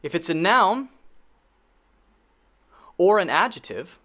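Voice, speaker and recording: A man giving a pronunciation lesson on video, his fairly high voice rising and falling a great deal. He talks patiently, repeats words slowly for the learner to copy, and checks in with a frequent "okay?". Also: very animated, sharp tone. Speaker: English pronunciation teacher.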